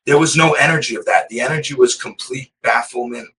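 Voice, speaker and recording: A man's voice: medium pitch, brisk, a bit bright, far from the mic, low-quality recording. A man from Massachusetts, a podcast guest, telling a prison story in a rambling, profane, casual way. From Massachusetts, USA. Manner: rambling, profane, keeps saying "you know what I mean".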